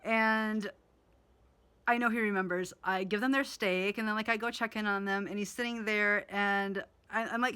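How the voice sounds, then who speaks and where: A woman's voice: mid-range voice, steady tone, moderate pace, sharp tone, clear, resonant tone. A woman in her forties telling a rambling story in a casual, profane way, with many fillers.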